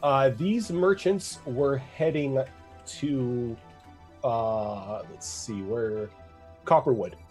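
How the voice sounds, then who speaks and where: A man acts as game master for a tabletop game, narrating casually with lots of fillers and laughs. He speaks extremely slowly at a medium pitch, his tone is darkish, and faint music plays in the background.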